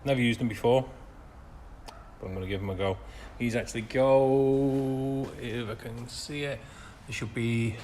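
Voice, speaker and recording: A man's voice: lowish voice, a little hiss or hum. Dry, sarcastic man in a workshop. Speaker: classic car restorer. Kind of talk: workshop vlog narration.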